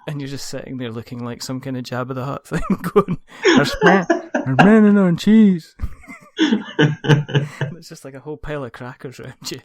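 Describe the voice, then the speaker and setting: Jokey podcast host with a laugh. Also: male voice, medium pitch, fairly even intonation, fairly quick, long pauses. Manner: jokey, laughs a lot, spins comic scenarios. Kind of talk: casual interview chat.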